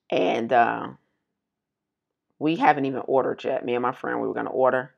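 A woman, co-hosting a casual chat and telling animated stories. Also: rumbling low, vocal fry. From Detroit. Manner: animated storytelling, acts out quotes. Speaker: podcast co-host.

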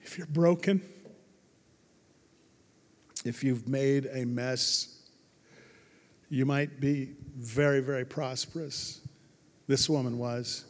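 A man preaching a sermon as pastor, emphatic, swinging from hushed to loud. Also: medium pitch, fairly even intonation, slow, pauses often. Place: large church hall. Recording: long hall reverb.

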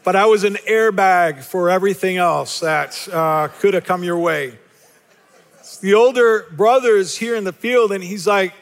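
Male pastor, high voice, emphatic and repetitive, light self-deprecating humor; long hall reverb. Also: a bit bright. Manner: rhetorical questions to the congregation, repetitive emphasis. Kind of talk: sermon.

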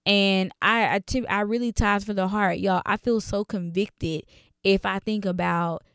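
Casual woman Bible teacher, gravelly yet smooth voice, chatty delivery. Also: mid-range voice, fairly even intonation, a little slow, fairly bright tone, no echo, studio quality. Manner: conversational, many fillers, reads scripture aloud.

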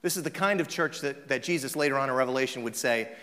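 A man preaching a sermon as a pastor, in a conversational, joking way with quick acted-out asides. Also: mid-range voice, pushed and bright. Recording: long hall reverb.

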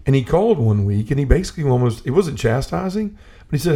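A man's voice: mid-range voice, animated, fast, dark tone. A man talking earnestly in a casual conversation about faith, telling stories and often restarting his sentences. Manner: earnest storyteller, restarts and repeats himself.

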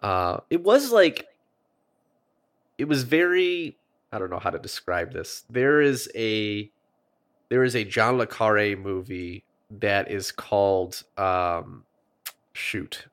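A man's voice: lowish voice, expressive, slow, smooth. A man co-hosting a podcast, casually recapping and rambling, swearing freely. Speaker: podcast co-host. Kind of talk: casual chat.

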